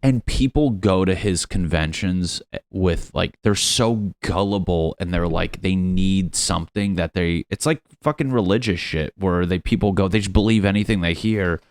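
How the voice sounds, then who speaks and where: Young male podcast host, deep voice, loose swearing comic monologue at home. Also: moderate pace, hardly any pauses, no room sound. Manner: profane, rambling, jokey with put-on quote voices. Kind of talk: solo comedic podcast rant. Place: his apartment on a lunch break.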